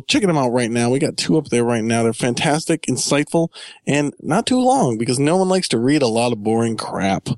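A man's voice: medium pitch, sing-song, normal speed, dry recording. A man hosting a gaming podcast, joking and chatting casually with his co-host.

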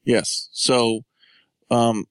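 A man hosting a casual gaming podcast, trading quick jokes with his co-host. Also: mid-range voice, flat delivery, smooth, dry recording, clean studio sound. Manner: jokey, quick banter. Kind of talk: casual chat.

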